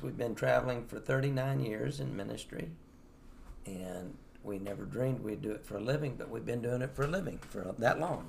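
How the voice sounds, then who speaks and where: Middle-aged man, very gravelly voice, plainspoken, traveling minister, casual chat. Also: mid-range voice, slight background noise.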